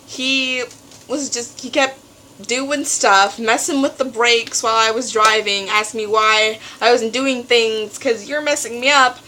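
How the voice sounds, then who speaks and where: A teenage girl vlogging at home, telling a story in an animated way and acting out what others said. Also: a little high, unhurried, slight background noise, poor audio. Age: teens. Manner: animated storytelling, acts out quotes. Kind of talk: casual venting vlog.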